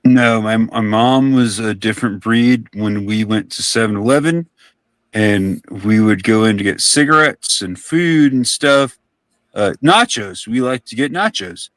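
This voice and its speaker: Young guy, low and relaxed, rambling storyteller, dry close mic. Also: unhurried, no echo. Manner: laid-back, rambling, swears casually. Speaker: co-host on a live stream. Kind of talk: casual storytelling chat.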